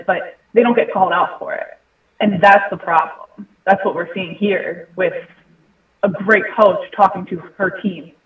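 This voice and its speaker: A woman's voice: medium pitch, distant mic. A woman who coaches women's sports, speaking earnestly and with passion as a guest. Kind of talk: guest commentary. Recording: tinny phone-like line, echoey.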